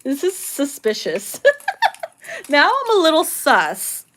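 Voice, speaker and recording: A woman tarot reader talks straight to her viewers in a loose, casual reading. She swears freely, laughs often and slips into slangy acted-out voices. Her voice sits a little higher than most women's. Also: huge pitch swings, slow pace, a bit bright. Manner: blunt, profane and laughing often; slangy, acts out quoted lines in playful voices.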